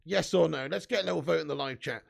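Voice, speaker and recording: Young man, live-stream host, high gravelly voice, sweary banter. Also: fast. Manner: banter with frequent swearing and laughter. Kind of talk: casual live-stream chat.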